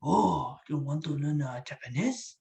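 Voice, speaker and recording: A man voicing a calm, elderly male martial arts teacher who gives slow, soft-spoken instructions. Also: a little high, gravelly, slight background noise. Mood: serene.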